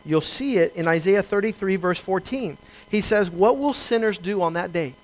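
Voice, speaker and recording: A man with a high-pitched voice preaches a sermon from the pulpit. He reads scripture aloud and slows down to stress key words. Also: expressive, rough recording. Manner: preaching with emphatic slowdowns, quoting scripture and acting out dialogue. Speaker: pastor.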